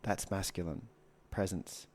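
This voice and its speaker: A man's voice: sits low, unhurried, vocal fry, darkish tone. A man, a guest coach giving earnest advice in casual podcast talk, repeating short punchy phrases.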